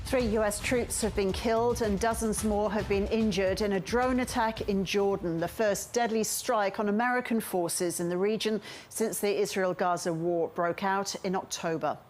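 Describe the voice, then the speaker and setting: An Australian woman presenting a television news bulletin in a measured, formal manner. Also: mid-range voice, fairly even intonation, darkish tone, soft background music. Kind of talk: newsreading.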